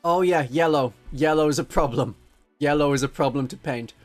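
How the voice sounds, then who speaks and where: A man's voice: fairly high pitch, normal speed, faint music behind. A man chatting casually on a livestream, joking and now and then slipping into silly voices. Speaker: streamer.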